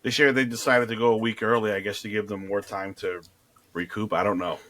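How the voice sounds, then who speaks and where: A man co-hosting a podcast, talking sports in a relaxed, rambling way with frequent restarts. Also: on the low side, brisk. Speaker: podcast co-host. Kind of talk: casual sports chat.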